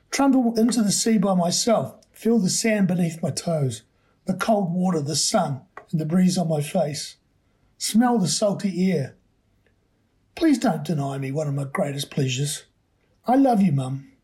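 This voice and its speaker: A man's voice: sits high, mellow. A man voicing a stubborn, earnest seventeen-year-old boy who dreams of adventure.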